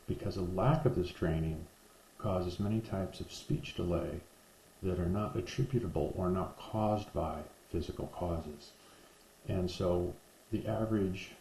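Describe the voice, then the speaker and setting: A man giving a parenting lesson to camera, slowly drilling speech sounds one by one, recorded with poor sound in an echoey room. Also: deep voice, creaky, mellow, slight background noise. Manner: slow, deliberate, repetitive drilling of speech sounds. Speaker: parenting educator. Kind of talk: instructional talk to camera.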